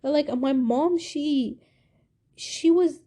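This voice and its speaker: Mellow-voiced young woman telling her story. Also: sits high, slow pace. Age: young adult. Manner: candid, rambling, full of "like" and "you know". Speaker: vlogger. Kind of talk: casual personal storytelling.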